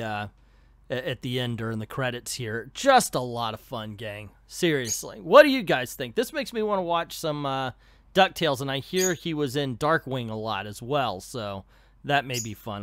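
A man's voice: mid-range voice, a bit bright, dry recording. A man hosting a comic book channel, chatting casually and jokingly and addressing viewers as gang. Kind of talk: casual comic recap narration.

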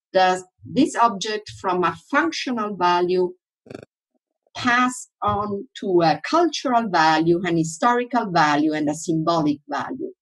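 A woman's voice: fairly low pitch, husky, poor audio. A woman giving a workshop lecture in English, her first language Italian, who often asks the audience questions and then answers them.

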